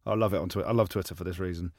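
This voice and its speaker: Speaking rapid-fire, this low-voiced ex-rugby player trades teasing, animated banter with his fellow podcast hosts in a casual chat, his pitch shooting high when he can't believe what he's hearing. It's a dry, close recording with no sense of the room.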